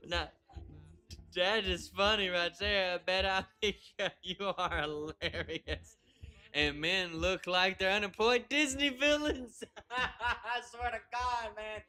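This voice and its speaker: A man's voice: sits high, takes it slowly, long pauses, pushed and bright. A man hosting a casual live stream, laughing a lot and swearing as he reads chat comments aloud into a laptop mic.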